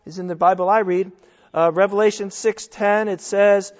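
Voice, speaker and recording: Guy preaching, pretty high voice, lots of rhetorical questions, dull sound in a big echoey hall. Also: fairly even intonation, moderate pace. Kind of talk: sermon.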